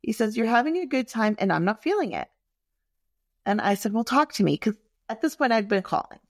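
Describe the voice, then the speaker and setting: A woman tells personal stories candidly, frank and expressive, with plenty of fillers and asides. Her voice is on the high side and her pace brisk. The sound is clean studio quality with no echo.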